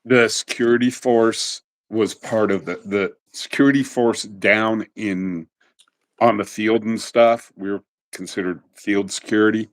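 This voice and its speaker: A middle-aged man being interviewed, telling animated stories in a casual way and quick to laugh. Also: on the low side. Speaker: interview guest.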